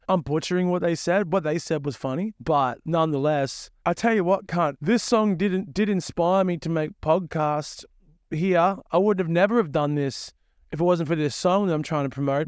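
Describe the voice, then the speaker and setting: A young man hosts his own music podcast, rambling crudely, swearing, and laughing at himself in a casual monologue. His smooth voice is on the high side, captured with clean studio sound and no echo.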